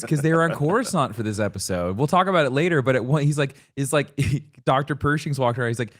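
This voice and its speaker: A man co-hosting a podcast, chatting in an animated, jokey way and laughing often. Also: mid-range voice, fast talker, hardly any pauses. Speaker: podcast co-host. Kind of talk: casual chat.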